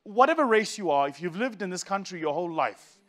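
A man with a South African accent telling a humorous story to a live audience in an animated, joking, conversational way. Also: high-pitched, a little fast.

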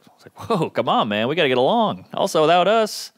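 A man in his thirties doing a stand-up comedy set, delivering deadpan one-liners and quick acted-out quotes. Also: a little high. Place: comedy club stage. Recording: live club recording with crowd noise. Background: audience laughing.

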